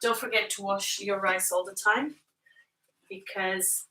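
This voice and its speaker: Slow, bright-voiced woman cooking live. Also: mid-range voice, steady tone, rough recording. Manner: chatty, thanks viewers, frequent laughs. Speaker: cooking livestream host. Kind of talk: casual live cooking stream. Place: home kitchen.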